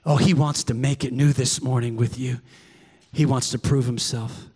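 A middle-aged man preaching a sermon as pastor in a church, swinging from excited shouts to hushed, intimate prayer. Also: medium pitch, normal speed, breathy edge, in a large hall. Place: church sanctuary.

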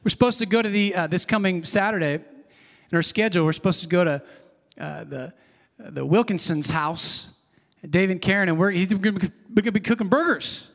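A man's voice: sits high, fairly quick, big-room sound. A man preaching a sermon as pastor, earnest and conversational, repeating himself and adding asides.

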